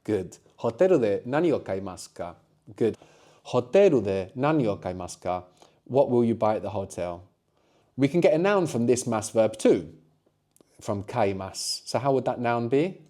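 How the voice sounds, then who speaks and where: A middle-aged man leads a spoken language lesson in a warm, mellow voice at an even middle pitch. He explains at length and keeps checking in with quick tag questions. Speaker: language teacher.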